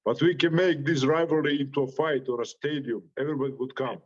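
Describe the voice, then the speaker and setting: A man's voice: mid-range voice, steady tone, quick pace, lo-fi sound. A man with a Croatian accent, a boxer giving an interview full of brash, profane trash talk and frequent laughs. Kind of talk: interview reaction.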